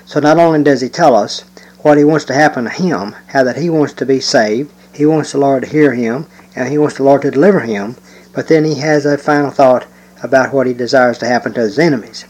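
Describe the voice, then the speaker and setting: A man teaching a Bible lesson, explaining verses in a measured way with occasional hesitant fillers and reading scripture aloud slowly. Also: medium pitch, a little mellow, breathy edge, poor audio.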